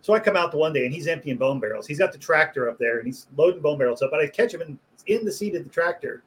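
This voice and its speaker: A man's voice: a little high, animated, fast talker, slight background noise. A man who works as a butcher, telling a rowdy story in casual chat. He swears freely, laughs as he goes and raises his voice to act out what others said. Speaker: butcher and podcast guest.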